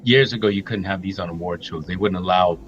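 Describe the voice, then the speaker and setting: A man's voice: deep voice, fast, highs cut off, soft background music. A middle-aged man co-hosting a reaction talk, emphatic and blunt, laying out his points one by one. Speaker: co-host. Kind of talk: opinionated reaction commentary.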